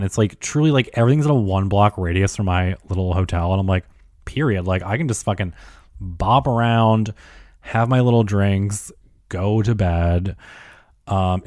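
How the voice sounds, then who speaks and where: A young man tells a story in a loose, rambling way, packing "like" into nearly every phrase and swearing as he gets worked up. His voice sits on the low side, and the recording is close and dry with no room sound. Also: darkish tone, dry recording. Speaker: storyteller recounting a night out. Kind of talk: casual rambling monologue.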